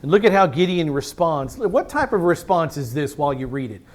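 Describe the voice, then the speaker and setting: A man's voice: on the high side, expressive, a little fast. A man preaching a Bible-teaching sermon, emphatic, asking rhetorical questions. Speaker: pastor.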